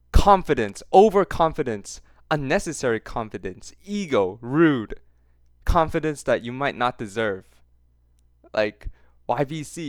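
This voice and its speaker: A man's voice: medium pitch, dry recording. A man hosting a reaction commentary, mocking what he watches, laughing often and repeating phrases for effect. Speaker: commentary host.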